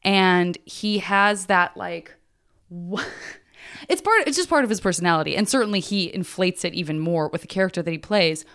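Chatty woman hosting, smooth voice. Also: fairly low pitch, expressive, moderate pace, a bit bright. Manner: chatty, playful, lots of fillers. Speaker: podcast host. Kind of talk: casual interview chat.

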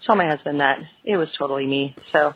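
A woman's voice: low-pitched, fast, husky, dry recording. A woman caller leaving a sheepish, self-deprecating voicemail. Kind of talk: voicemail confession. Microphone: phone. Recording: tinny phone line.

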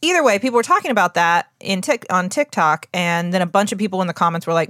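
A woman's voice: mid-range voice, expressive, brisk, hardly any pauses, fairly bright tone, no echo, studio quality. A woman co-hosting a podcast, telling a story in a chatty, laughing way with plenty of fillers. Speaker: podcast co-host. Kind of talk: casual podcast chat.

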